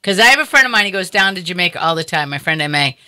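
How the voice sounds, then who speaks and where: Chatty low-voiced woman host. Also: animated, racing, sharp tone, no room sound. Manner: chatty, rambling, lots of "you know". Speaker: talk show host. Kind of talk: casual interview chat.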